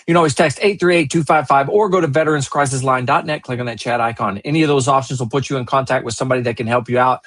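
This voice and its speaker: A man's voice: medium pitch, a bit bright, dry recording. A man hosting a casual chat show, thanking his guests and giving an earnest sign-off. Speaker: host.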